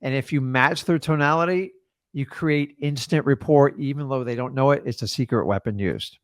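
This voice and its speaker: A young man coaching real estate wholesaling, teaching with lively emphasis and shifting pace to demonstrate tonality. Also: medium pitch, moderate pace, clean tone, no room sound, studio quality. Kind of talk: energetic teaching monologue.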